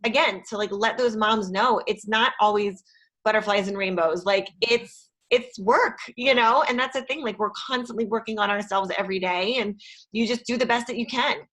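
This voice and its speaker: A woman's voice: medium pitch, normal speed, fairly bright tone. Chatty woman podcast host. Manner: casual, chatty, many fillers. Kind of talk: podcast interview.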